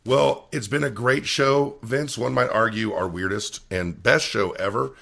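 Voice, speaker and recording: A man's voice: medium pitch, unhurried, creaky, fairly bright tone. A man co-hosting a podcast, reading out show plugs and asking the questions in an upbeat way. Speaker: podcast co-host. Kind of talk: casual podcast talk, show promos.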